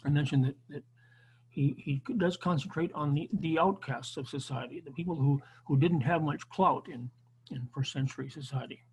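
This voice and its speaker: Male Bible teacher on a video call, fairly high voice, unscripted lecture. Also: normal speed, husky, poor audio. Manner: unscripted, with frequent restarts and fillers. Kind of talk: online Bible class lecture.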